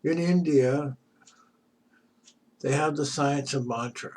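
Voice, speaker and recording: A man teaching through a story, speaking in a halting way with restarts and repeats. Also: fairly high pitch, darkish tone. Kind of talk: storytelling lesson. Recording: distant mic.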